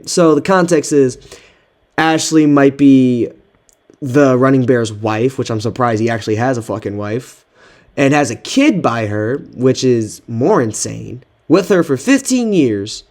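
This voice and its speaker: A man's voice: mid-range voice, animated, measured pace, a little mellow. A man giving casual reaction commentary on text messages he is reading, exasperated and slangy, swearing often. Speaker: content creator.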